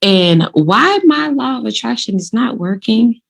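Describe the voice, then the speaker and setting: A woman vlogging casually, giving motivational law of attraction tips and telling her own story in an animated, informal, direct way. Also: a little high, measured pace, vocal fry. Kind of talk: casual motivational vlog talk.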